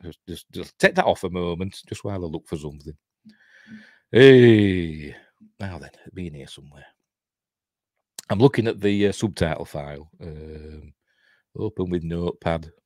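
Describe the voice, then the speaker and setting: The voice is deep and slightly dark, belonging to a middle-aged man from Yorkshire hosting a relaxed film commentary. He keeps a moderate pace with frequent pauses, rambling and breaking off with chuckles and self-interruptions. The studio recording is clean and echo-free.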